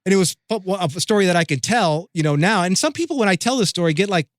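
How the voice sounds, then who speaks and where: A middle-aged man, a former sports radio host and now a guest, telling animated stories in a casual interview, with many restarts. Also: high-pitched, fast talker, no echo, studio quality.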